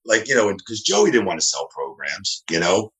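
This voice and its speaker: Very animated and fairly bright in tone, his voice sits on the low side and moves at normal speed. He's a wrestling referee from New Jersey, a guest on a casual interview, relating rambling tales from home over video and voicing the characters he quotes.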